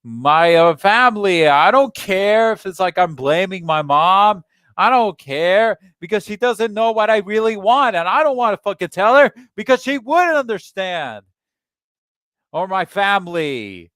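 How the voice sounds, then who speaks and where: A young American man who hosts a channel rants angrily at home in a high, expressive, somewhat bright voice, recorded clean with studio sound and no echo. He's heated and swears often, breaking off mid-sentence to start again.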